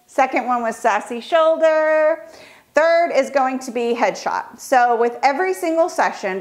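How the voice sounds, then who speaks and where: A woman photographer giving a casual tutorial, chatty and lively as she acts out how kids react. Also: fairly high pitch. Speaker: children's portrait photographer.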